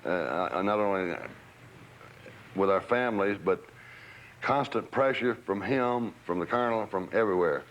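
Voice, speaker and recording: An older man, recounting old stories in an interview, animated and acting out what people said. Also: lowish voice, normal speed, dull audio. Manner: animated storyteller who acts out quotes. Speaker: interviewee, former entourage member. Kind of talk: storytelling reminiscence.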